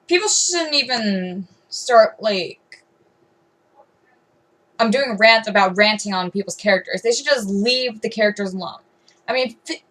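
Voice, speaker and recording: A woman's voice: medium pitch, fairly bright tone, low-quality recording. A teenage girl ranting to camera in a rambling, aggrieved way, full of "um"s, "like"s and restarts. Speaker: vlogger.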